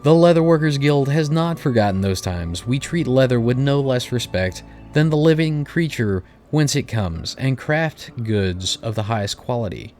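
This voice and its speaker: A man's voice: medium pitch, expressive, normal speed, few pauses, darkish tone, faint music behind, lightly acted. Man reading as a long-winded guild receptionist. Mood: formal. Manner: reading game dialogue aloud in a stately tone.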